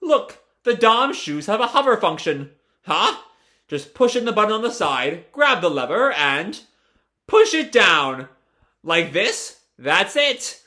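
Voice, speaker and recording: A man voicing an excitable male genius scientist while reading a comic aloud. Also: takes it slowly, exaggerated voice. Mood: eager. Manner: shouting for help in a high panicked voice.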